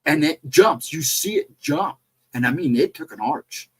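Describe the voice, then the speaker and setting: Male storyteller, husky and lively, casual ghost-story retelling. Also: a little high, a little slow, poor audio. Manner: animated, rambling retelling with restarts.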